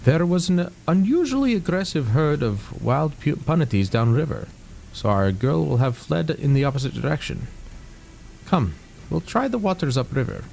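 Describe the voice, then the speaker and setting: A gruff, practical game wildlife expert, as a man reads him aloud. The voice sits a little higher than the performer's own and carries a faint, hard-won accent. Delivery stays plain and businesslike. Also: expressive, fairly quick, a little hiss or hum, close to an everyday voice, rough recording. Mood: matter-of-fact. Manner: reading game dialogue with a slight put-on accent.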